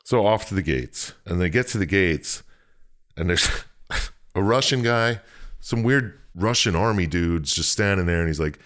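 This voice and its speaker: Deep-voiced man recapping a game, laughing. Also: expressive, fairly bright tone. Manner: laughs often, retells with quick silly voices. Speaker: podcast co-host recapping a game. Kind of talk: casual chat.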